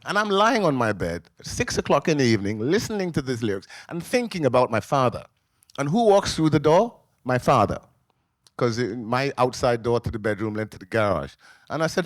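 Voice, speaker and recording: A man's voice: mid-range voice, fairly quick, dry recording. Man in his sixties telling an emotional story. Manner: emotional, animated storyteller who acts out voices. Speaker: memoir author on a festival panel. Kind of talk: personal storytelling at a book talk. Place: live event in a library venue.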